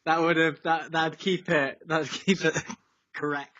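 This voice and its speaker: A man's voice: a little high, level tone, a little slow, bright, forceful tone, no echo. A young man, a musician, chatting over a video call, rambling with lots of fillers and tangents. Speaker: musician guest. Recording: slightly dull, dry call audio.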